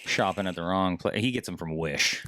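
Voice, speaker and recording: A man's voice: sits low, moderate pace, pushed and bright. A man who works as a fishing guide, chatting on a podcast in a laid-back, joking way. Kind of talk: casual fishing podcast chat.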